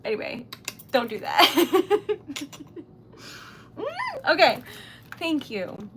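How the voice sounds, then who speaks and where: Giggly, chatty young woman, slightly high. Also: wildly swooping pitch, extremely slow, fairly bright tone, a little hiss or hum. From Rhode Island, US. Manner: chatty, giggly, emotional, many fillers. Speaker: livestreaming small-business owner. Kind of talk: casual live-stream chat while crafting.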